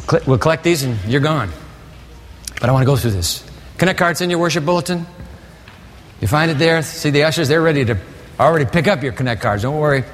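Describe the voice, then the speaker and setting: A man preaching a sermon as pastor, energetic and exhorting, his voice climbing to excited peaks. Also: mid-range voice, slight background noise. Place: large church sanctuary. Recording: long reverb of a large hall.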